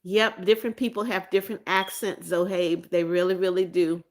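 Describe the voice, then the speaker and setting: A woman's voice: on the low side, little pitch movement, moderate pace. A middle-aged woman from the United States hosting a casual livestream, chatting and reading viewer comments aloud, often repeating greetings and names. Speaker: livestream host.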